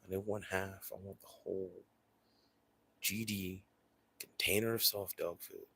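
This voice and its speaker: A man voicing his grumpy, chunky female pet dog as she quietly grumbles and complains. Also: low-pitched, little pitch movement, unhurried, breathy edge, heavily acted. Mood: grumbling.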